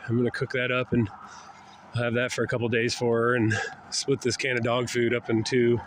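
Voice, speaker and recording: An older man with a head cold and a nasal voice, rambling in a casual walking vlog outdoors, often sighing and clearing his throat. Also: medium pitch, monotone, a little fast, a little hiss or hum. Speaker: traveling vlogger. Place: outdoors, walking along roads and a river valley.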